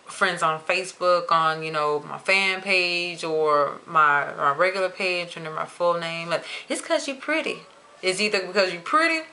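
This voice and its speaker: A young adult woman vlogging to camera in a chatty, expressive way, stretching words for emphasis. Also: on the low side. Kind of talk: casual chat to camera.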